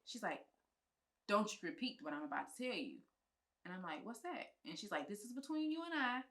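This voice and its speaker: A woman's voice: mid-range voice, a little fast. A woman, a guest on a chat show, telling a personal story in casual, colloquial speech and acting out what others said. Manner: animated, acts out the quoted lines of others; colloquial, frank speech with swearing. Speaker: guest, film producer and writer.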